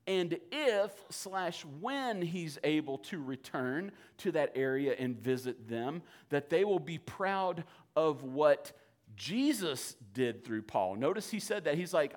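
High-voiced man teaching a casual sermon. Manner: informal and animated, acts out quoted speech. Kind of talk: casual evening Bible teaching.

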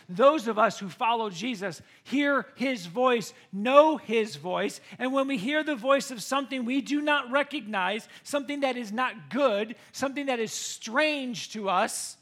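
Animated high-voiced American pastor. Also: male voice, a little slow. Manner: animated storytelling, rising to excited bursts. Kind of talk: sermon with personal story.

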